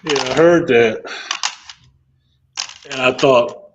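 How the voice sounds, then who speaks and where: A man's voice: mid-range voice, very slow, muffled recording, background noise. A man hosting a casual livestream hangout, telling profane stories and laughing often. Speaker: podcast host.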